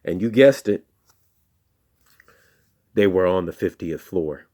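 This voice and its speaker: A man telling a playful story in a slow, hushed, deliberate way, with call-and-response chants. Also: deep voice, expressive. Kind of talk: spoken children's storytelling.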